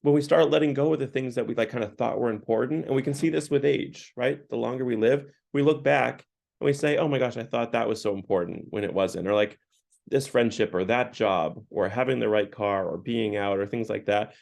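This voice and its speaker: A man's voice: mid-range voice, fairly quick, vocal fry, a little mellow. A man giving a casual parish talk on a book, paraphrasing its dialogue with many "like" fillers. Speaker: parish speaker.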